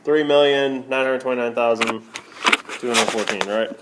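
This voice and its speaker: Over some background noise, a math teacher of medium pitch explains a lesson on a tablet at normal speed for a screencast. He keeps asking himself questions, answering them, and saying "okay."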